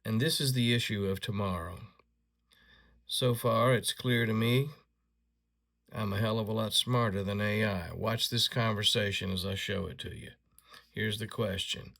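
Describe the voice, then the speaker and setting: A combative man delivering an angry, insulting rant to his audience. His voice is bright and cutting with a gravelly, creaky texture. He trips over himself and restarts when his indignation peaks. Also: lowish voice. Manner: halting restarts when agitated. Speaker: video creator. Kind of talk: angry ranting commentary.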